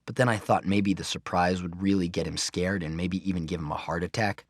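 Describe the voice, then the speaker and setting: A man reading a children's chapter book aloud in an expressive first-person narration. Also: deep voice, brisk, no room sound, studio quality. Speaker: audiobook reader.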